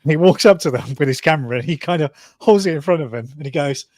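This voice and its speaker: A man's voice: fairly high pitch, animated, fast talker, darkish tone, no room sound, studio quality. A man teasing his co-hosts and recounting crude anecdotes in casual chat on a live stream.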